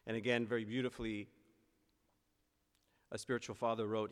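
A male priest giving a sermon in an earnest way, rising to emphatic peaks and slowing down on key phrases. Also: on the low side, level tone. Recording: long church reverb.

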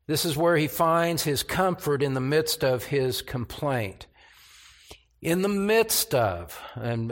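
Slow, deliberate older male preacher. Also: on the high side. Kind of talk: expository sermon.

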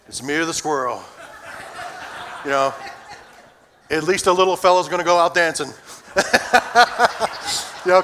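A middle-aged pastor preaches in a folksy, earnest manner with a bright, forward tone. His voice sits slightly high for a man, and a long church reverb hangs behind every phrase. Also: a little hiss or hum. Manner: folksy, earnest, addresses congregation. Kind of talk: sermon. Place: church sanctuary.

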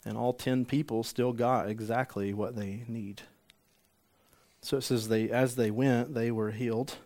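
Male pastor, mid-pitch, animated sermon storyteller. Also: unhurried. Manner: animated storytelling, acts out the healed man's joy.

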